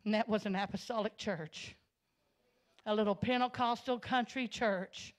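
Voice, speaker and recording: A woman from Arkansas, telling her life story as a church sermon, storytelling that swells into loud, passionate preaching. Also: fairly high pitch, steady tone, moderate pace. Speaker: guest speaker giving testimony. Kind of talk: Pentecostal sermon testimony. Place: church sanctuary.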